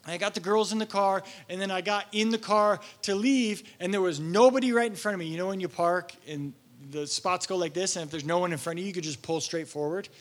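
A man's voice: high-pitched, a little fast, few pauses. A young man preaching a sermon as pastor, telling stories animatedly and acting out his own exasperation.

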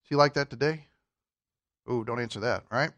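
A man preaching a sermon, putting questions to the congregation, with wide emphatic swings between loud and soft. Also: mid-range voice, brisk, lo-fi sound. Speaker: pastor.

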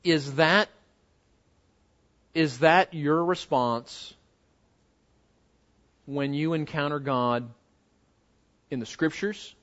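Male pastor, high-pitched, emphatic sermon delivery with dynamic drops, muffled lo-fi church recording. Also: drawn-out words, pauses often, fairly bright tone. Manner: emphatic, rising and dropping to near murmurs, rhetorical questions. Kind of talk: expository sermon.

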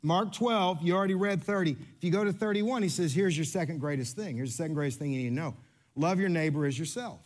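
A pastor, a man whose voice sits notably high, preaches with lively, playful energy. He jokes, repeats himself to make a point, and speaks straight to the congregation. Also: quick pace. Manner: animated, playful, coaching volunteers on stage. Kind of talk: sermon.

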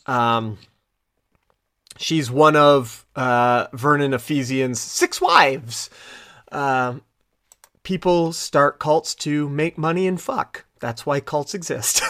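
A man's voice: on the high side, animated, slow pace, fairly bright tone, dry recording. Rambling man with a dry, close sound. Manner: rambling, loose, with many fillers and restarts. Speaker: podcast co-host. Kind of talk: casual recap chat.

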